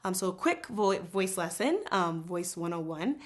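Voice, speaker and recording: A woman teaching a casual singing lesson, animated and explaining with quick spoken and sung examples. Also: on the low side.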